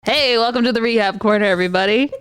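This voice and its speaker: A woman co-hosting a podcast in casual chat, telling stories in a dry, deadpan way, a bit stuffy in the nose. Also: a little high, fast, smooth. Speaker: podcast co-host.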